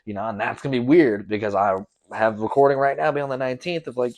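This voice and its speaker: A man's voice: medium pitch, fairly quick, a little mellow. A young man hosting a casual solo podcast, rambling loosely with lots of slang and swearing. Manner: loose, profane, slangy storytelling. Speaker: podcast host.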